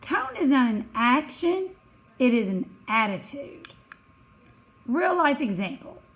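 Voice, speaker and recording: A woman teacher narrates a slide lesson for her students. She speaks at an unhurried, deliberate pace, explaining each point with care and pausing to correct small slips. Her voice sits a little high. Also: big pitch swings, poor audio. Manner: slow, careful explaining with small self-corrections. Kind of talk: recorded classroom lesson over slides.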